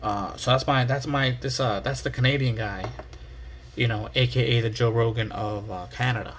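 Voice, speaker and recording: A man's voice: mid-range voice, fairly even intonation, normal speed, a bit bright, a little hiss or hum. A man from the United States hosting his own podcast, rambling casually, swearing and making fun of himself. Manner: rambling, profane, self-mocking. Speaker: podcast host.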